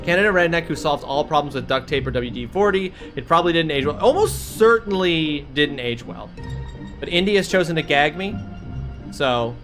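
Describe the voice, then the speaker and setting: Young male streamer, slightly high voice, crude rambling banter with chat. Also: brisk. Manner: joking banter with chat, swearing, rambling asides. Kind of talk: casual live-stream chat while gaming. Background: game music.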